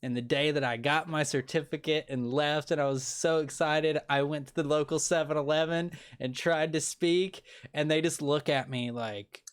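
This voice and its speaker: A man's voice: a little high, steady tone, moderate pace, hardly any pauses, clean tone. A man hosting an interview podcast, talking in an easygoing, rambling way. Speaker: podcast host. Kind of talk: casual interview chat.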